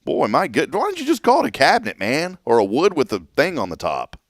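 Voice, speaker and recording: A man's voice: fairly high pitch, fairly quick, no room sound, studio quality. A man hosting a morning show, chatting casually and joking as he reads listener comments. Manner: jokey, animated, laughs while reading listener comments. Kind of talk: casual chat.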